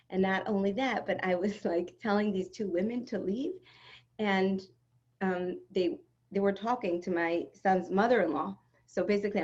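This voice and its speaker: Animated middle-aged woman telling a story. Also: mid-range voice, dull audio. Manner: animated, dramatic retelling with acted-out quotes. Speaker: spiritual teacher. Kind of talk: personal storytelling in an online class. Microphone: video call.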